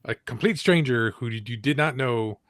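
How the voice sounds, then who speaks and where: A man's voice: mid-range voice, normal speed, a bit bright, no echo, clean studio sound. A man hosting an interview, giving short eager agreeing replies. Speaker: interviewer host. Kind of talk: casual interview chat.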